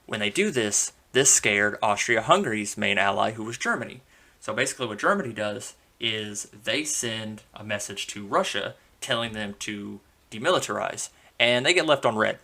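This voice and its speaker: Casual low-voiced podcast man. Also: normal speed, gravelly. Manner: relaxed and conversational, with frequent fillers and playful asides. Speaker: podcast host. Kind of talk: casual history storytelling.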